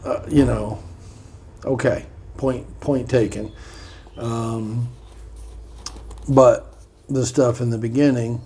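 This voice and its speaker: A man's voice: mid-range voice, fairly even intonation, slow, pauses often, dark tone, a little hiss or hum. A man reading aloud from a self-help book and adding playful, sarcastic comments in a casual vlog.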